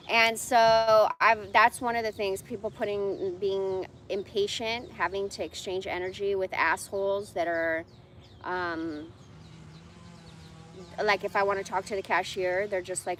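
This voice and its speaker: A woman's voice: mid-range voice, fairly even intonation, a little slow, fairly bright tone, slight background noise. Blunt, foul-mouthed woman in her forties ranting. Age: 40s. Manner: profane, venting, blunt. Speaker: livestreamer. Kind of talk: casual ranting monologue.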